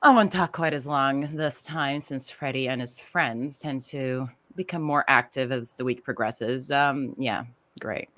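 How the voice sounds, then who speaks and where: A woman's voice: a bass voice, a little slow, a bit bright. A woman voicing a bored man leaving phone messages for a night-shift worker, disdainful and over it. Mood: deadpan weary. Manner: disdainful, over-it customer service.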